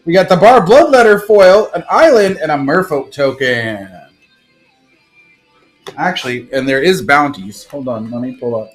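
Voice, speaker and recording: High lively man streaming card openings. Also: a little slow, soft background music. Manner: rattles off card names, bursts of excitement. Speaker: live stream card breaker. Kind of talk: casual live-stream pack opening.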